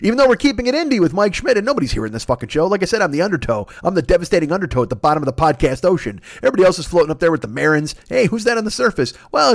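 A man with a fairly high voice rants through a solo comedy podcast, swearing freely. He swings his pitch all over the place as he rambles from one riff to the next. The sound is dry and close, with no room around him. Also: no room sound. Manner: profane, rambling, excitable rant. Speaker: podcast host.

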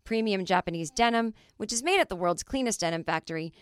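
A middle-aged woman hosting a podcast, telling stories in a chatty, animated way with lots of fillers. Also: medium pitch, fast, clear, resonant tone, no echo, studio quality. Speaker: podcast host. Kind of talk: casual comedic monologue.

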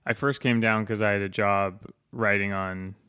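A man speaking as a comedian guest in a casual interview, quiet and low-key. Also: fairly even intonation, moderate pace, smooth. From Canada.

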